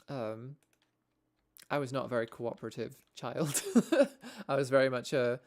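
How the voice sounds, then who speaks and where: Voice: medium pitch, fairly even intonation, measured pace, long pauses. A young adult streamer from Wales chatting casually with viewers while playing, sweary and rambling, with lots of asides. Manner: chatty and sweary, with frequent self-interrupting asides. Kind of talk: casual gameplay chat with viewers.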